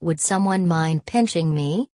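A woman's voice: sits low, unhurried, dark tone, dry recording, studio quality. Woman reading as a fussy, hearty middle-aged father. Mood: puzzled. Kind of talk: audiobook reading.

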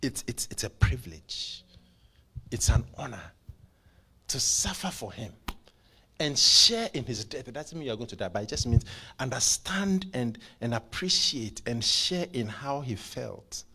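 Male pastor, mid-pitched and husky, a fervent sermon style with stuttered restarts. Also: very animated, measured pace. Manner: impassioned, stammering repeats, swings from hushed whispers to loud bursts. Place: church service.

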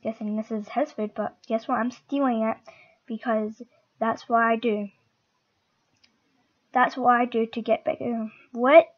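A woman's voice: on the high side, little pitch movement, unhurried, pauses often, muffled recording. A woman giving playful, chatty commentary while playing a game, talking to the game and her viewers. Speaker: gamer. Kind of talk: casual gameplay commentary.

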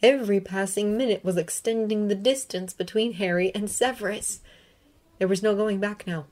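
A woman reading a fanfiction story aloud with expressive, emotive delivery. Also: mid-range voice, normal speed. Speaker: reader.

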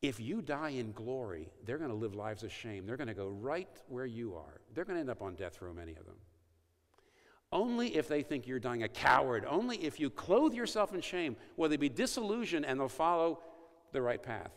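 This evangelistic talk to a university audience comes from a man with a mid-range voice who is very animated and speaks at a normal speed. He tells stories and acts out quoted lines, and the hall is reverberant.

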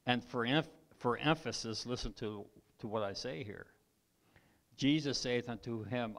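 Pastor with a tired, weakening voice. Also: male voice, mid-range voice, moderate pace. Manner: reads scripture aloud, throat clearing, repeats for emphasis. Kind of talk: sermon. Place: church.

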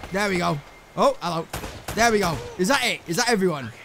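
An English man giving excitable, swearing let's play commentary to himself while he plays, with game music behind him. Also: sits high, brisk, creaky, noisy background. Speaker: gameplay commentator.

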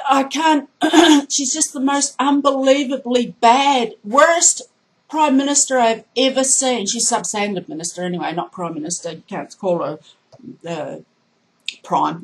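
A woman's voice: on the high side, rough recording. A woman vlogging a heated political rant, indignant and emphatic, hammering her points by repeating them. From Australia.

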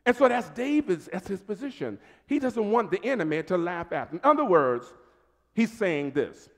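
A man's voice: high voice, normal speed. A man with an American accent preaching a sermon as pastor, calling out to his congregation. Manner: animated preaching, calls to congregation. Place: church sanctuary. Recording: long church reverb.

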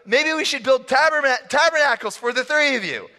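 Flustered eager disciple, high and awkward, put on by a preacher in a reverberant hall. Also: male voice, expressive, brisk, pushed and bright, full character voice. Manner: nervous, fumbling, high-pitched. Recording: long church hall reverb.

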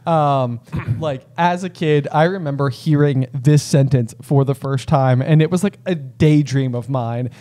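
A man's voice: mid-range voice, a little slow, dark tone. A man co-hosting a casual book podcast, talking in a thoughtful, rambling way full of fillers. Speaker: podcast co-host.

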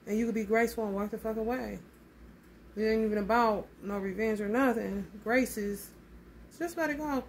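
Her voice is on the high side and creaky, with a bit of hiss or hum behind it, as this tarot reader does a casual spread. She's animated and emphatic, curses without restraint, and keeps calling people honey.

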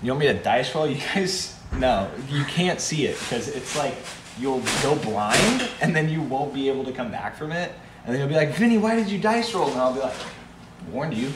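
A man's voice: medium pitch, fairly quick, reverberant, recorded from a distance, noisy background. A young man chatting and joking goofily on a casual live stream from his house. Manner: goofy, joking, excitable.

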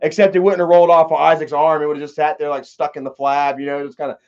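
Young guy, high voice, rambling and profane, on dull lo-fi audio. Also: flat delivery, fast, a little mellow. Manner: profane, rambling, laughs often. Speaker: commentary vlogger. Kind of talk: casual rambling commentary.

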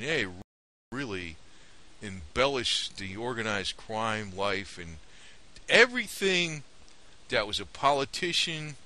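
A man rambles through an indignant, conspiratorial rant to his viewers. His voice sits low but swings widely in pitch, with a sharp, tense edge. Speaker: vlogger. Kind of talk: casual opinion rant to camera.

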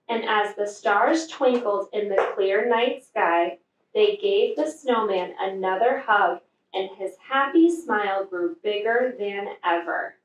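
Slow, expressive woman reading a storybook. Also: medium pitch, lo-fi sound, a little hiss or hum. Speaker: teacher. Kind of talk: reading a picture book aloud to children. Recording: echoey room from far off.

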